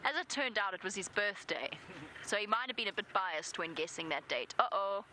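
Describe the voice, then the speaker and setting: A woman's voice: mid-range voice, a little fast, sharp tone, slight background noise, poor audio. A South African woman giving live safari commentary from an open vehicle outdoors, chatty and self-deprecating. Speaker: safari guide.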